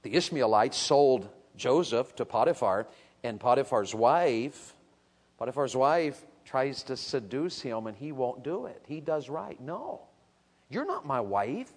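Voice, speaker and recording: A man preaching a sermon, telling a story with animated energy, asking the crowd questions and building to shouts. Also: medium pitch, a little slow, in a large hall. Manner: asks the audience questions.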